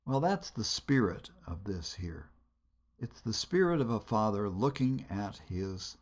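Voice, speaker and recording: A Bible lecturer teaches about biblical storytelling in a lowish, expressive voice. His delivery is measured and deliberate, with hesitant pauses between phrases.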